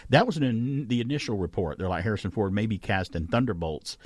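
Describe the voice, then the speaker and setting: A fairly low-voiced man talks casually as a radio host, chatty and enthusiastic, often breaking into laughter. His voice sounds dry and close, with no room echo. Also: lively intonation, fast talker, darkish tone.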